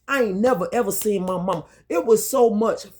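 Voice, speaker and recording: A woman's voice: mid-range voice, a little fast, a little mellow, husky. Candid woman telling a storytime. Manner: candid, emphatic, swears freely; addresses viewers directly, repeats herself for emphasis. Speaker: vlogger. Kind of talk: storytime monologue to camera.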